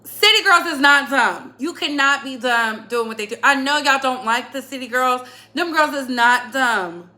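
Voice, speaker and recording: A woman's voice: high voice, normal speed, hardly any pauses, bright, forceful tone. A young adult woman hosting a casual music chat, playful and laughing often. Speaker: host.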